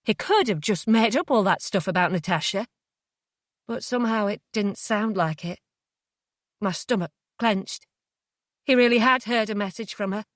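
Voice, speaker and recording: A woman narrating a thriller audiobook in the first person, hushed and tense. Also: medium pitch, moderate pace, long pauses, dry recording, clean studio sound.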